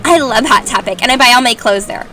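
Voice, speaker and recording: A woman voicing a melodramatic teenage goth vampire witch girl, reading slowly and over-dramatically. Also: high voice, lively intonation. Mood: dramatic.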